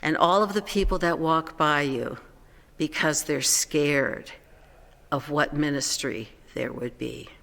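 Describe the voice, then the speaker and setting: A pastor delivering a slow, gentle sermon, letting phrases fall softly at the ends. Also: mid-range voice, gravelly. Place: church sanctuary. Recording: echoey church hall.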